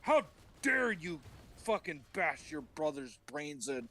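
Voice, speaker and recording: A man's voice: fairly high pitch, very animated, slow pace, bright, forceful tone, pitched above the performer's own voice, heavily acted. A man putting on a screeching, enraged voice of God cursing at a sinner, crude and mocking. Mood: furious mocking. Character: furious bellowing God scolding a sinner.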